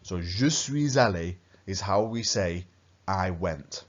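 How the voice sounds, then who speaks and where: A man teaches a recorded lesson, patiently repeating his key points. His voice sits very low. The recording sounds dull and lo-fi. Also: lively intonation, slow. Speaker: language teacher.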